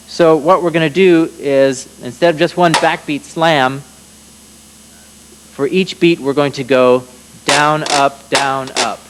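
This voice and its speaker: A man teaches percussion in a slow, unhurried voice, methodically explaining each step and counting beats aloud as he plays. His voice sits at a middle pitch. A clear hiss of noise runs under the recording. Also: poor audio. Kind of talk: instructional demonstration.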